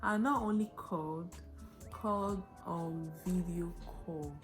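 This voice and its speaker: Young Nigerian woman, storytime vlog, dramatic, lowish voice, faint music behind. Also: slow. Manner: animated, dramatic storyteller with shifting pace. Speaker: vlogger.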